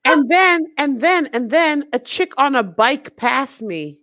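Loud jokey woman, high voice bouncing all over, swears a lot. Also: takes it slowly. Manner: brash, animated, swearing jokes. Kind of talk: casual chat.

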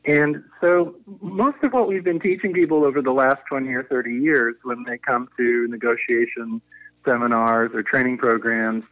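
A man's voice: mid-range voice, fairly even intonation, moderate pace, no room sound. Man explaining over a tinny line. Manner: thoughtful, explanatory, with frequent restarts. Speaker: guest, negotiation consultant. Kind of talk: conversational podcast interview. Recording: tinny phone-line audio.

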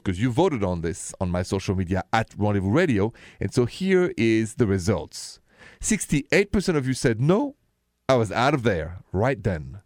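A man's voice: on the low side, darkish tone, no echo, clean studio sound. A man, hosting a late-night radio call-in show and confiding about his own dating life. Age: 50s. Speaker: radio host.

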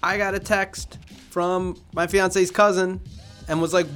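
A man's voice: high voice, a little slow, faint music behind. A young adult man co-hosting a sports podcast, ranting and teasing his co-hosts with swearing and laughter. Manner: animated, swearing, teasing rants. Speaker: podcast co-host. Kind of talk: casual sports chat.

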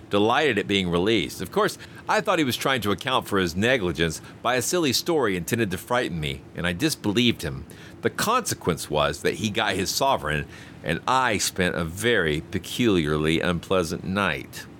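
A man reads a first-person tale aloud in a measured, expressive way. His voice is low but moves a lot in pitch. A faint hiss of noise sits under the recording. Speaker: audiobook narrator. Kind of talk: first-person story narration.

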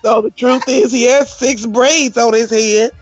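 A woman's voice: on the high side, steady tone, a little slow, dull audio, background noise. Jokey woman co-host, mock-preachy. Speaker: podcast co-host. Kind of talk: casual chat.

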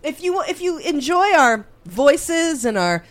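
A woman's voice: high-pitched, big pitch swings, takes it slowly. A woman co-hosting a podcast in casual chat, playful and chatty, laughing often. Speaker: podcast co-host.

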